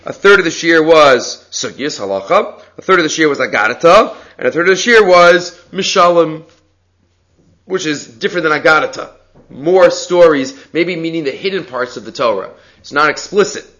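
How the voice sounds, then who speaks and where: A man leads a lively Talmud text study, animatedly telling stories, acting out quotes, and frequently restarting his sentences. His voice is a little high and his pace moderate, on slightly dull lo-fi audio.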